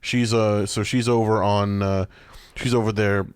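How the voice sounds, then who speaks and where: Low-voiced man rambling through a recap. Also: flat delivery, measured pace, clean tone, no room sound, studio quality. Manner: rambling, many restarts and fillers, checks his notes. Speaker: podcast co-host. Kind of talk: casual episode recap chat.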